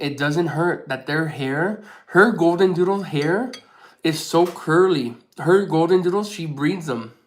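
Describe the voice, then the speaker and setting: A man vlogging casually to camera, rambling with many restarts and fillers, softly sentimental in tone. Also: a little high, poor audio.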